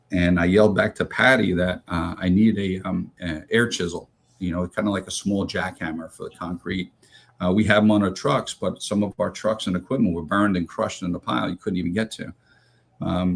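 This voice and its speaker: Low husky-voiced man recounting a rescue. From United States. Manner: halting, many fillers and restarts, quotes others in dialogue. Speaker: retired police rescue officer, guest. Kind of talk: telling a first-hand story.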